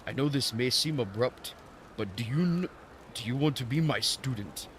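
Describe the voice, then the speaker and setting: A man's voice: medium pitch, animated, a little hiss or hum, close to an everyday voice. A man voicing a pompous old male martial arts master in a clumsy mixed accent, reading game dialogue aloud. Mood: lofty. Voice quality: clumsy mixed accent, drifting toward Australian or Scottish. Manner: theatrical, drawn-out old-man delivery.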